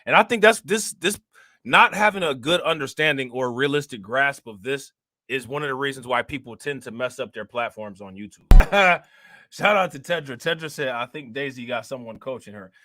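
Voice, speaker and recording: Slangy streamer man with a bright voice. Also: medium pitch, animated, normal speed. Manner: loose slangy talk, repeats phrases, reads chat shout-outs. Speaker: reaction streamer host. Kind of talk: casual livestream chat.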